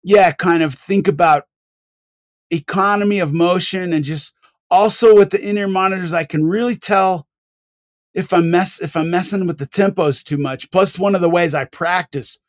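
A man's voice: sits high, normal speed, no room sound. Older man telling a rambling story. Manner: animated rambling storyteller with many restarts. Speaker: podcast guest, drummer. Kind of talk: casual interview storytelling.

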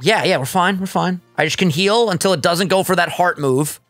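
Excitable young man, bright dry voice. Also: sits high, brisk, dry recording, faint music behind. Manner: excitable, teasing, swears. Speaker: let's play co-host. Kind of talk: casual gaming banter.

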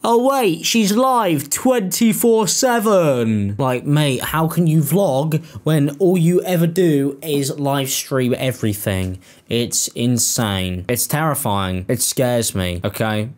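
A man hosting reaction commentary, ranting sarcastically and leaping into high, exasperated outbursts. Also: expressive, slow pace, few pauses. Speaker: commentary host.

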